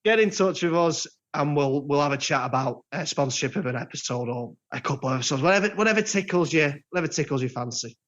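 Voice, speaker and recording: A man's voice: on the high side, expressive, fast talker, few pauses, fairly bright tone, lo-fi sound. A man co-hosting a casual podcast, nasal from a cold, throwing in dry quips. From Scotland. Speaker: podcast co-host.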